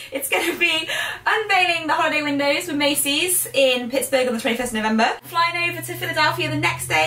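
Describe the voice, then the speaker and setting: A young English woman talks in a bubbly, excitable way on a shared vlog. Her voice is high and bright. It sits in a roomy echo, picked up from a little distance, with faint music underneath. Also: a little hiss or hum. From England. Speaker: vlogger, co-host. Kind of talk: casual chat. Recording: echoey room, mic at a distance.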